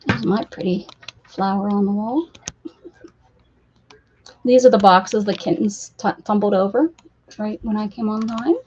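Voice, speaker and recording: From her craft room, a woman hosts a casual livestream in a steady, mid-range voice, unhurried and with long pauses. She calls to her cats in sing-song, coaxing baby talk and sometimes drops to a soft whisper. The livestream audio is dull and lo-fi with faint noise.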